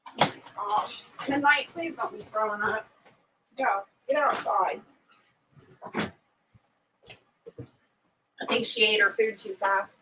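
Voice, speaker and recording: A woman chatting casually with viewers on a live stream, outspoken and quick to vent. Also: mid-range voice, background noise. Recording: voice a bit distant from the mic.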